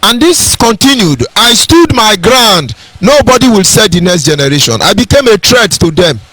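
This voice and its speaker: A man's voice: high-pitched, sing-song, moderate pace, bright, forceful tone, no room sound. A man with a Nigerian accent giving an impassioned, preacherly radio address and repeating his key phrases. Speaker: radio broadcaster.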